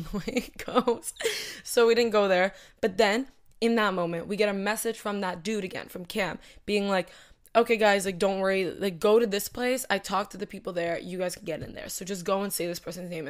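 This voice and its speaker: A young woman casually telling a long story to her audience, rambling with lots of asides and filler words. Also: mid-range voice. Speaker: host.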